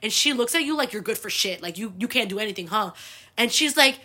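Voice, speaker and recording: Bright-voiced young woman telling stories. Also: mid-range voice, lively intonation, fast talker, breathy edge. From United States. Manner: chatty, swears freely, lots of fillers. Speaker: host. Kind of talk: casual storytelling monologue.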